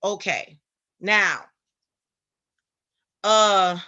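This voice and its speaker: A woman with a bright, forward voice hosts a Christian live stream. She greets her viewers by name and talks in a preachy, animated way. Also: medium pitch, very slow, smooth, dull audio. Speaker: Christian online show host. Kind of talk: casual live-stream commentary.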